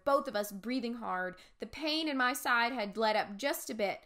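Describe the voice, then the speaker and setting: A woman teacher reads a spooky chapter book aloud to her class in a fairly high voice. She pauses now and then to explain words in plain, simple terms. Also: pushed and bright.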